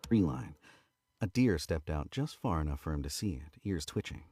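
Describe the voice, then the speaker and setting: A man with an Australian accent reading a novel aloud in a relaxed, casual way, now and then correcting his own slips. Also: extremely low pitch, moderate pace, no room sound, studio quality. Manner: relaxed, stops to correct misread words. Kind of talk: casual read-aloud narration.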